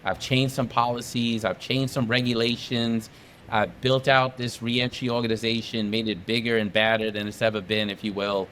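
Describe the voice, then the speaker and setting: A man's voice: mid-range voice, flat delivery, normal speed, fairly bright tone, slight background noise. A middle-aged man from New York telling his story as a podcast guest, emphatic and fond of repeating phrases for effect. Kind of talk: casual storytelling interview.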